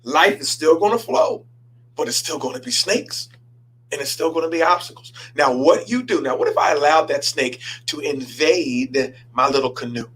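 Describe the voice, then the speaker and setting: A male pastor hosting his own show and turning a personal story into a sermon. His speaking voice sits a little higher than most men's, and he stammers and doubles back as he gets animated. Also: normal speed, low-quality recording. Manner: animated, repeats himself and stammers.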